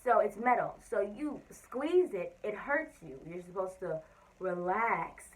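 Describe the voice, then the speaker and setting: A young woman, telling an expressive story-time vlog and acting out what people said. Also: medium pitch, unhurried, recorded from a distance, poor audio. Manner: animated, expressive storytelling with quoted voices. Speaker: vlogger.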